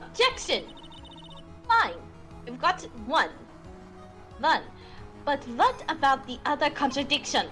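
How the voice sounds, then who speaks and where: A woman's voice: high voice, very animated, slow pace, pauses often, pushed and bright, faint music behind, heavily acted. A woman voicing a proud, haughty young female prosecutor with a put-on German accent, reading game dialogue aloud. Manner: haughty, scornful.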